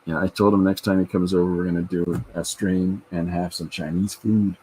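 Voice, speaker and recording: A man's voice: deep voice, level tone, moderate pace, mellow, a little hiss or hum, low-quality recording. A man hosting a podcast, chatting casually and rambling through stories while he draws. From Canada. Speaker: podcast host and artist. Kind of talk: casual chat while drawing.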